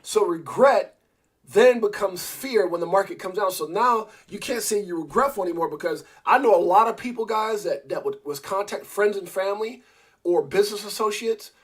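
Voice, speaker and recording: A man's voice: high-pitched, moderate pace, husky. A man hosting a casual live stream, talking in a rambling way with many restarts and repeated words, and speaking directly to viewers and a co-host. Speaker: crypto livestream host.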